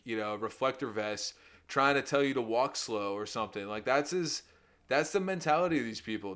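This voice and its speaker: A man talks loosely on a podcast, his voice in a middle range. He fills his talk with "you know" and "man" and drops a casual curse here and there. When he gets into a story he turns loud and lively. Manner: animated storyteller who acts out quotes with loud pitch jumps. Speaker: podcast co-host.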